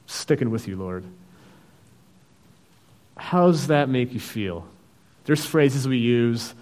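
A man preaching a sermon, reading scripture and acting out the characters' lines with sudden loud outbursts. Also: medium pitch, measured pace, pauses often. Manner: acts out biblical voices, dramatic swings in loudness.

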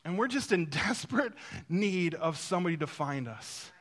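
Pastor, male, high bright voice, storytelling sermon delivery, dynamic between loud and hushed. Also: lively intonation, normal speed. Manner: speaks to the congregation directly, with asides.

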